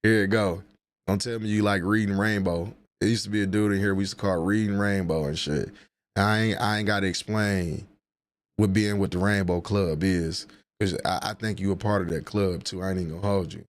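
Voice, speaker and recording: Dude on a livestream roasting chat, low voice, aave, profane and laughing. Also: male voice, steady tone, fairly quick. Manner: trash-talking, laughing, profane banter. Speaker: livestream host.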